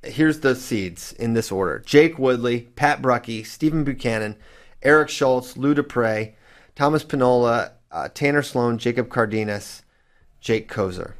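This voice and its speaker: A man hosts a casual sports chat, joking and animated, sometimes trailing off into fillers. He talks into a podcast microphone. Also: mid-range voice, a little slow. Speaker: wrestling podcast host.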